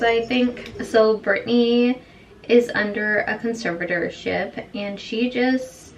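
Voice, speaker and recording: A young woman chatting casually while doing her makeup, retelling a story and acting out the quoted lines. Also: a little high. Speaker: beauty vlogger. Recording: slightly distant with faint room noise.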